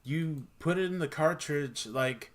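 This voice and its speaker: A man's voice: fairly high pitch, a little slow. Laid-back man with a fading voice. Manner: laid-back, swears casually. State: losing his voice. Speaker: podcast co-host. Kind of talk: casual chat.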